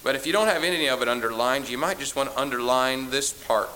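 A man's voice: medium pitch, fast, sharp tone, slight background noise, rough recording. A male pastor preaching a sermon to a church congregation. He sounds tired, drives points home by repeating phrases, and has a teasing, sarcastic edge.

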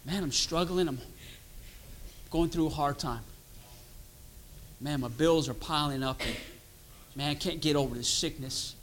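A preacher voicing a weary, broke churchgoer who talks in a low, defeated mumble. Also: male voice, measured pace, pauses often, slight background noise, lightly acted. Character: weary broke churchgoer, middle-aged man, downcast.

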